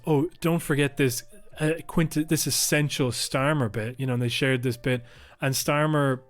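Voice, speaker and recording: Sweary man ranting on a podcast. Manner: sweary, heated, mimics politicians with sharp pitch jumps. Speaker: podcast co-host. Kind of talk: casual political chat. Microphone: podcast microphone close to mouth.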